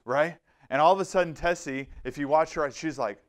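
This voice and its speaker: Energetic man giving a church safety talk. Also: a little high, brisk. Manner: energetic, animated, storytelling with acted-out quotes. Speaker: safety trainer. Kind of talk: lively live presentation.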